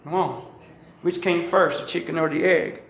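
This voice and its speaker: A man's voice: fairly high pitch, steady tone, moderate pace, vocal fry, echoey room. A man preaching a sermon with emphatic repetition and calls to the congregation. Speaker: pastor. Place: church sanctuary.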